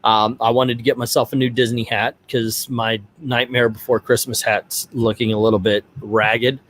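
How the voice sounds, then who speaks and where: A middle-aged man tells a personal story on his vlog. His telling rambles and turns animated, in a casual, unscripted way. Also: medium pitch, moderate pace. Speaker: vlog host.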